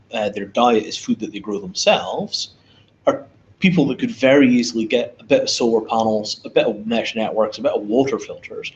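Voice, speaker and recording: A man's voice: medium pitch, darkish tone. Blunt Scottish man, muffled recording. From Scotland. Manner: blunt, emphatic, swears freely. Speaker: invited speaker. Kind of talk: casual panel discussion. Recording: dull lo-fi audio with faint noise.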